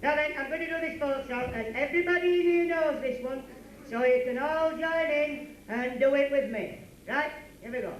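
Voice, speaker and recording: A man's voice: very high-pitched, normal speed. A man with a Yorkshire accent playing the daft stooge in a club comedy double act, recorded live. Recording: roomy live club recording from far off with crowd.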